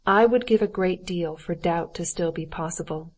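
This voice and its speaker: A woman's voice: lowish voice, natural voice. A woman reading as a cold, formal husband. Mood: bitter. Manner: measured, formal, clipped. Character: cold, stiff middle-aged husband.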